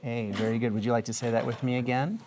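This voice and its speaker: A woman with an unusually deep, gravelly voice leads a classroom reading lesson for small children. She speaks patiently and asks one question after another. She slows right down to chant the spelling patterns. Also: steady tone, darkish tone, slight background noise. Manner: patient, asks many questions, draws out phonics patterns slowly. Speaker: kindergarten teacher.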